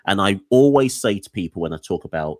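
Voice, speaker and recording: A man's voice: deep voice, expressive, fast talker, darkish tone, no room sound. A man hosting an interview podcast, thinking aloud as he works out his questions and often restarting them. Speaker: podcast host. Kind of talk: conversational interview.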